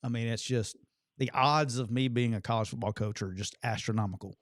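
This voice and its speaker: A man who co-hosts a radio call-in show and once coached college football, speaking in an earnest, reflective way with pauses. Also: mid-range voice, dry recording, clean studio sound. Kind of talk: casual radio call-in chat.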